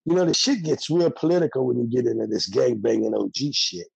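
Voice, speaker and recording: A man's voice: mid-range voice, animated, fairly quick, vocal fry, slightly rough, no echo, poor audio. An older man, a former prisoner, speaking bluntly and heatedly in a candid interview with a streetwise manner.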